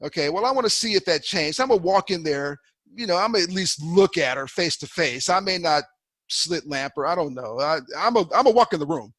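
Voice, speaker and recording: A man's voice: on the high side, animated, a little fast, fairly bright tone, no room sound. A man giving a folksy, conversational continuing-education lecture to eye doctors, often repeating himself.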